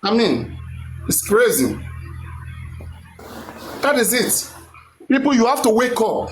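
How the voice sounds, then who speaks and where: A Nigerian man hosts a live stream, ranting with great animation in an extremely high-pitched voice. He speaks slowly with frequent pauses, pressing his points and repeating himself like a preacher. The recording comes from an echoey room with some faint background noise.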